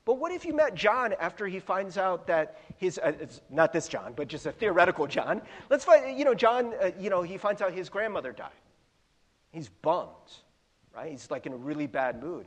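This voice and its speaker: A man's voice: high-pitched, very animated, moderate pace. A middle-aged man preaching as a pastor in a church, in a chatty, self-deprecating way full of fillers and asides. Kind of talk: casual sermon. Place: church sanctuary. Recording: long hall reverb.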